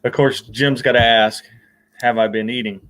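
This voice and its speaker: Man, podcast host, casual chat, rambling, easygoing, filler-heavy, mid-pitched voice. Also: fairly even intonation, moderate pace, a bit bright, rough recording.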